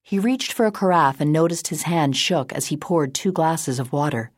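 A woman narrating a novel in a steady, composed storytelling manner. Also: low voice, normal speed, no room sound, studio quality. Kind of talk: audiobook narration.

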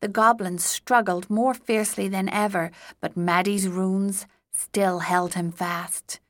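A woman narrating an audiobook in a measured storytelling manner. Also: mid-range voice, steady tone, fairly bright tone, no echo, clean studio sound.

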